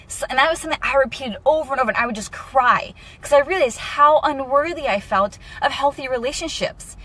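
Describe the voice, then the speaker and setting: A woman's voice: high voice, a little fast, few pauses. A young woman talking candidly and emotionally to camera in a personal vlog. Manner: candid and emotional, lively asides. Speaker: vlogger.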